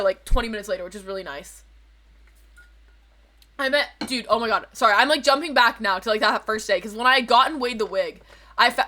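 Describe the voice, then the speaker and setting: A woman with a fairly high, sharp voice streams casually for her viewers. She tells a meandering story, cursing freely and correcting herself along the way.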